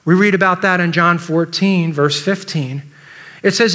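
A male pastor delivers a sermon in a high, bright voice. He slips into dramatic, acted-out voices for the characters he describes. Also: measured pace. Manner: dramatic, acts out the disciples' voices.

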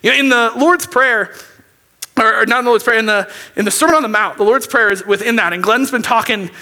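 A man preaching a sermon as a pastor, talking conversationally, often checking in with "okay?" and sometimes bursting into emphatic near-shouts. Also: very high voice, fairly quick.

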